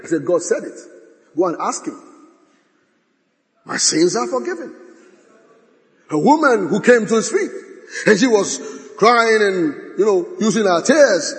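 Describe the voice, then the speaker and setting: A man preaching a sermon, dramatic, swinging from shouts to hushed tones and acting out quotes. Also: high-pitched, big-room sound.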